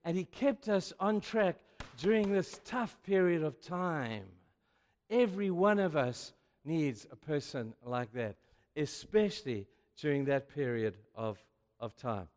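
A male pastor preaching a sermon, telling stories with sudden swings between hushed and loud. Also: on the high side, unhurried. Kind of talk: sermon with storytelling. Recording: long reverb of a large hall.

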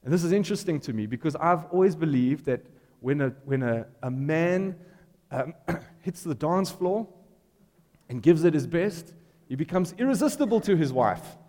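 A man's voice: a little high, animated, moderate pace, a little mellow, big-room sound. A man preaching a sermon in a conversational, storytelling way, putting questions to the congregation.

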